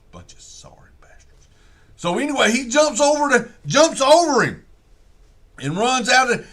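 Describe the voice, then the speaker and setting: High, bright-voiced man rambling. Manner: folksy, profane, digressive storytelling. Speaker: comedian. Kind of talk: rambling comic monologue.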